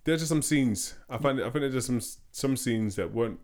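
A man's voice: medium pitch, fairly quick, a little mellow. A man co-hosting a podcast, chatting casually and rambling with fillers and restarts. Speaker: podcast co-host. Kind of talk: casual chat.

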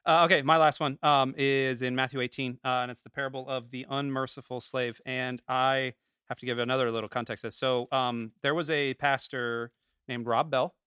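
Male podcast co-host, smooth and dry, animated storyteller. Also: medium pitch, moderate pace, no echo. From Florida. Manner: animated storyteller, acts out quotes. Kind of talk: casual chat.

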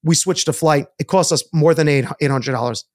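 A man co-hosting a podcast, telling a story in a casual, animated way and often repeating words. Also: on the high side, brisk. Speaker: podcast co-host. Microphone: studio mic.

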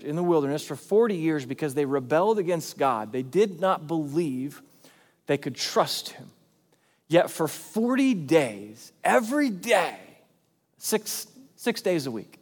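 A male pastor with a fairly high-pitched voice preaches a sermon in a church that gives a big-room sound. He talks conversationally, then presses hard on key points, with big swings in loudness as he preaches emphatically.

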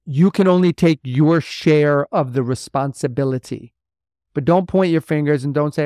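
A man's voice: fairly high pitch, a little slow, mellow, dry recording, clean studio sound. A man hosting a motivational podcast as a mentor to men, talking bluntly and emphatically with lots of repetition. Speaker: podcast host and men's mentor.

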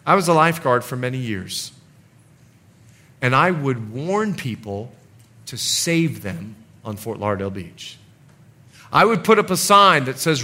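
A man preaching a sermon as pastor, animated and acting out scenes and quotes as he goes. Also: a little high.

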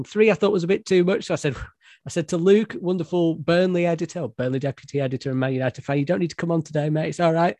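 A man's voice: fairly high pitch, a little mellow, no room sound. A man hosting a football podcast in a casual, joking, self-deprecating way. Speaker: podcast host and editor-in-chief.

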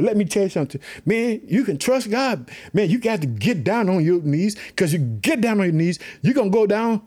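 A man preaching a fervent sermon, repeating phrases, calling out hallelujah and reading scripture slowly and solemnly. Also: high-pitched, expressive, a little mellow, breathy edge. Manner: fervent, repetitive preaching with call-and-response.

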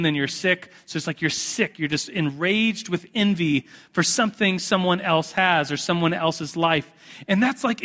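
A man in his thirties preaches in a loose, chatty way, circling back on himself with "like" and restarts. His voice sits high and sharp. It rings through a church sanctuary with a long echo. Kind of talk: sermon. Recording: echoey hall.

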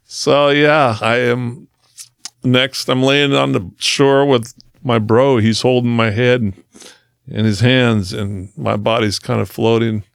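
A man speaking as a podcast guest, telling his own story in earnest conversation and slowing down to stress key moments. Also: medium pitch, steady tone, gravelly, smooth, no echo, clean studio sound.

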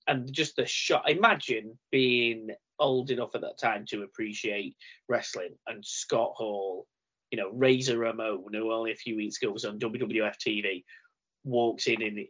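A man's voice: fairly low pitch, fairly even intonation, moderate pace, fairly bright tone, slightly rough. A man hosting a casual podcast chat, leading the segments and quoting lines with emphasis. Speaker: podcast host. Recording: dull lo-fi podcast audio.

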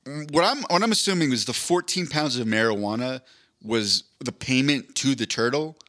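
Joking man with a bright voice. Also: medium pitch, animated, normal speed. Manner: rambling, joking, swears freely. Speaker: podcast host. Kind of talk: casual chat.

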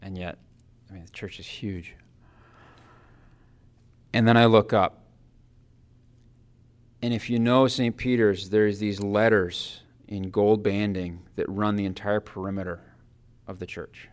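A man giving a personal devotional talk, earnest and reflective, his phrases often trailing off softly. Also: fairly low pitch, fairly even intonation, a little slow, long pauses. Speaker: Christian speaker giving a Lenten reflection.

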